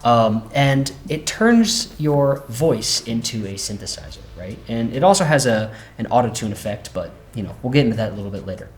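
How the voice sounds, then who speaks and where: A man hosting a relaxed synth demo lesson, often checking in with "right?" as he explains. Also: mid-range voice, moderate pace, hardly any pauses. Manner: relaxed, says "right?" a lot. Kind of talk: casual instructional demo. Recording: roomy echo.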